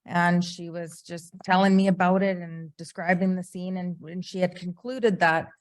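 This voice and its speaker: A woman in casual recovery talk, hesitant and filling pauses as she recounts a story. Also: lowish voice, fairly even intonation. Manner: hesitant, uses fillers while recounting a story. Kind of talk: casual chat.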